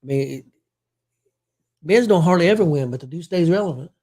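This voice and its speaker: Mellow-voiced man rambling about wrestling. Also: a little high, lively intonation. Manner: rambling, self-correcting, drawn-out fillers. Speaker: show host. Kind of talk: casual sports chat.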